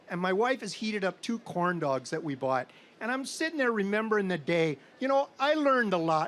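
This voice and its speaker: A middle-aged man from Minnesota telling a comic story with dry, deadpan timing to a live audience at an outdoor state fair stage. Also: high-pitched, a little hiss or hum.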